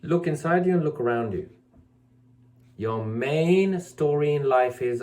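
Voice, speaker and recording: A man's voice: animated, measured pace, a little mellow. Emphatic, scolding spiritual teacher, man. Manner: emphatic, scolding, repeats phrases; mocks others in a whiny high voice. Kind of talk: preachy monologue to camera.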